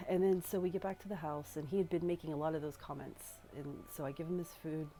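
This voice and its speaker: A young woman recounting a personal story in a loose, halting way, swearing and circling back as she talks. Her voice sits low in pitch, with a dark, mellow tone. The delivery is casual and unscripted. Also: fairly even intonation. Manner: rambling, halting, with frequent swearing.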